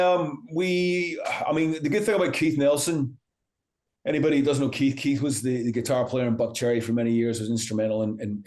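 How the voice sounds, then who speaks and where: A male rock musician chats through a relaxed interview, spinning long anecdotes. He keeps restarting his sentences and dropping in "you know", and he acts out what other people said as he goes. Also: medium pitch. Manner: animated anecdote-teller, acts out quoted voices, many restarts and "you know". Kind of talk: casual interview storytelling.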